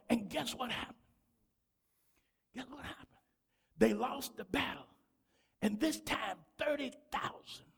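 A man preaching a sermon to a church congregation, fervent and repetitive, often breaking into shouts. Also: extremely high pitch, creaky, slightly rough. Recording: long hall reverb.

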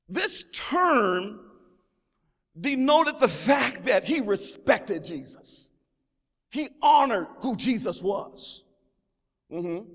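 A pastor preaches a sermon in a very high, lively voice that rises and falls, repeating phrases and calling out praise in call-and-response fashion. The long reverb of a large church sanctuary surrounds him, and he stumbles and restarts as he builds to his points.

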